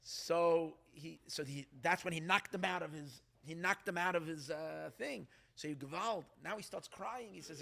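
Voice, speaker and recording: A rabbi tells stories to a gathering in a lively, halting way and often restarts his sentences. His voice is pitched high for a man. Its timbre is bright and forceful. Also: gravelly. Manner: animated, halting, with frequent restarts. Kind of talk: storytelling talk.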